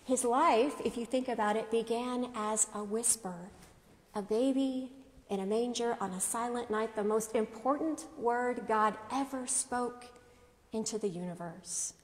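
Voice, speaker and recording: The long reverb of an echoey church surrounds this woman pastor as she preaches. She speaks deliberately and without rushing, her voice pitched a little high, and she leans often on rhetorical questions.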